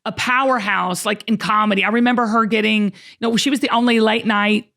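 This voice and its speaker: A woman's voice: mid-range voice, steady tone, a little fast, fairly bright tone. A woman in her fifties hosting an interview, chatty and full of restarts. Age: 50s. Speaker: podcast host. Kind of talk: interview conversation.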